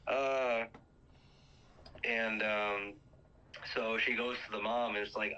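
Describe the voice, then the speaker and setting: A man's voice: fairly low pitch, fairly even intonation, slow pace, long pauses, sharp tone, dull audio. A man casually retelling a movie's plot, rambling with lots of fillers and acting out quoted lines.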